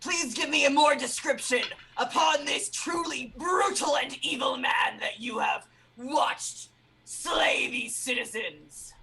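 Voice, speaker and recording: Lady putting on a stiff bossy investigator, shouts everything, gravelly and bright. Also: high-pitched, slow pace, heavily acted. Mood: stern shouting. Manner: shouted, overly formal, pompous questioning. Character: stiff, loud, formal female investigator Titanium.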